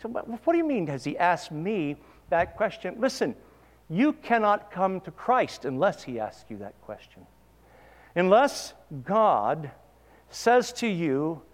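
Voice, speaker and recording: Preaching man in an echoing hall. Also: sits high. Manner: preaching with rhetorical questions, rising to emphatic peaks. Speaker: pastor. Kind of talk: sermon.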